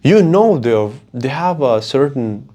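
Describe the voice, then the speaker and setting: A man runs a casual one-person podcast, speaking slowly in a medium-pitched voice. He rambles and curses his way through animated stories.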